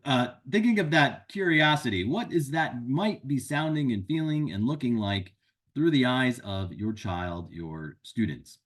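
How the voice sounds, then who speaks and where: Man, host, upbeat, encouraging, animated pitch, advice talk. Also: husky. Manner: upbeat, encouraging, list-driven. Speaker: educational consultant and host. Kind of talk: informal parenting and teaching advice talk.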